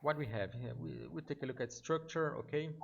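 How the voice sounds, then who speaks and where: Teaching aviation English in a one-on-one online session, this Brazilian man, whose first language is Portuguese, speaks with a Brazilian Portuguese accent. His voice is a little high and brisk with vocal fry, and he explains patiently, frequently asking "okay?" The audio sounds dull.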